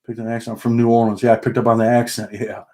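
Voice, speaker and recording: A man's voice: medium pitch, monotone, rapid-fire, a little mellow. A man from upstate New York with a Southern country twang, hosting a casual livestream, reading the chat aloud and tacking "man" onto the end of his sentences.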